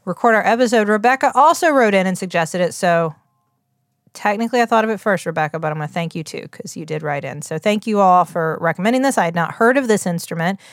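A woman's voice: medium pitch, animated, fast, no room sound, clean studio sound. A woman from West Virginia with a West Virginia accent, co-hosting a podcast in a rambling, chatty way, full of fillers and restarts. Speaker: podcast co-host. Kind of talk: casual chat.

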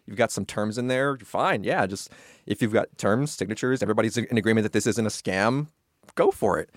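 A man's voice: lowish voice, fairly quick, no room sound, clean studio sound. A man in his thirties, a podcast guest and attorney, telling stories casually, rambling and correcting himself with a laugh. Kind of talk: casual storytelling in conversation.

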